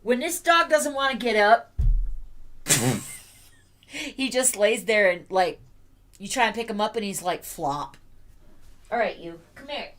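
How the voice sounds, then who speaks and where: A woman's voice: mid-range voice, sing-song, takes it slowly, long pauses, fairly bright tone, slight background noise. A woman hosting a casual livestream, cooing and baby-talking to her puppy and laughing often. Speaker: livestream host.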